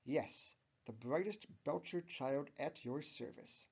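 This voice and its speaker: A man's voice: mid-range voice, moderate pace, dark tone, natural voice. A man reading the lines of a cocky, sly young girl with a smug delivery, on a dull lo-fi recording. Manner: smug, smirking.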